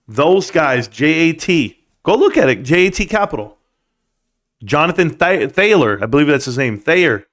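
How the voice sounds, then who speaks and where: A man's voice: fairly high pitch, sing-song, moderate pace, a bit bright. Emphatic man ranting about stocks. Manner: emphatic, rambling, rhetorical questions. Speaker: livestream host. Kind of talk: casual stock-market rant.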